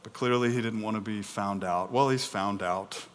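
A man preaching a sermon in an animated way, swinging between loud and soft and acting out the voices in the story. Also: lowish voice, normal speed, clear, resonant tone, big-room sound. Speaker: pastor.

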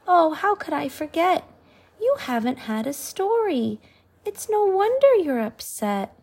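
A woman's voice: very high-pitched, a little slow, pitched above the performer's own voice, exaggerated voice. A woman voicing a brave, cheerful young girl princess in a storybook reading. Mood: excited. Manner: bright, excited girlish voice.

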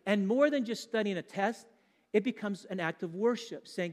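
A man's voice: sits high, moderate pace, big-room sound. A man preaching a sermon as a guest speaker in a church, chatting with the congregation and joking along the way. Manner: conversational and joking, quizzes the congregation.

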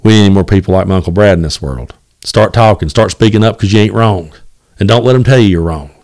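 A man's voice: on the low side, quick pace, darkish tone. A man hosting a solo podcast, talking in a blunt, fired-up and profane way, often repeating words as he restarts. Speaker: podcast host.

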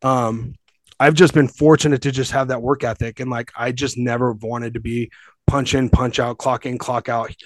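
A man's voice: mid-range voice, flat delivery, moderate pace, dry recording. A man in his forties from Southern California, a gym owner telling his story as a podcast guest in a profane, emphatic, rambling way. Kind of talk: casual storytelling.

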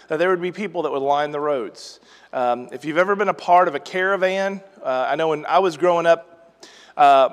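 A man hosting a Bible teaching podcast, reading scripture aloud and then explaining it in a relaxed, conversational way. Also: fairly high pitch. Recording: long reverberant hall sound.

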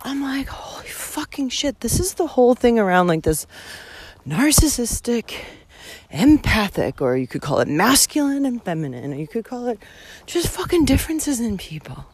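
A woman's voice: a little high, big pitch swings, normal speed, darkish tone, slightly rough, no echo. A young woman ranting with profanity as she walks outdoors on a hiking trail, recording her own vlog. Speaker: podcast host hiking the Camino. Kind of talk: ranting walk-and-talk vlog.

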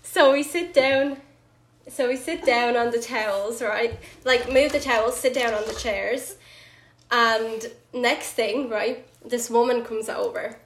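A woman telling a story in a casual chat, animated, full of "like" and "right?", laughing often. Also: on the high side, a little slow. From Ireland. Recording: roomy echo.

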